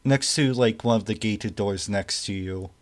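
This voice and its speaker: Brief: male game master, lowish pitch, slow, halting scene-setting. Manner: slow, halting narration with many restarts. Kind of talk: narrating a tabletop game.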